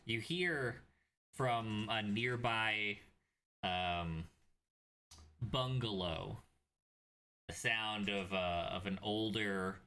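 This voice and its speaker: Bright-voiced male game master, low pitch. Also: very slow, long pauses. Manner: rambling, hesitant narration with many fillers. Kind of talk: narrating a tabletop game.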